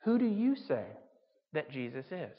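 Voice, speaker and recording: A man preaching a conversational sermon, telling stories with lively asides and quick jokes. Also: on the high side. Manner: conversational, animated storytelling with asides. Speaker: pastor. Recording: muffled sound with long hall reverb.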